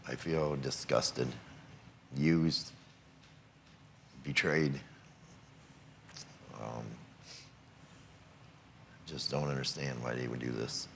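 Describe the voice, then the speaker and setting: Older male talk show guest, extremely deep voice, hesitant and halting. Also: steady tone, vocal fry, a little hiss or hum. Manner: halting, hesitant, with many fillers.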